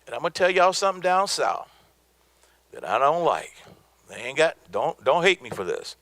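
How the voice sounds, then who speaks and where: A man's voice: fairly high pitch, very animated, normal speed, a bit bright, dry recording. Emphatic, preacherly middle-aged man. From American South. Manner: emphatic, preacherly, repeats for effect. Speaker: business speaker. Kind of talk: motivational talk with slides.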